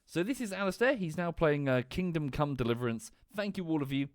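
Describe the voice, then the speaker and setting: A man's voice: fairly high pitch, animated, fairly quick, no room sound, studio quality. A man livestreaming, chatting casually in a rambling way. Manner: rambling, lots of fillers and restarts. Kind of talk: casual stream chat.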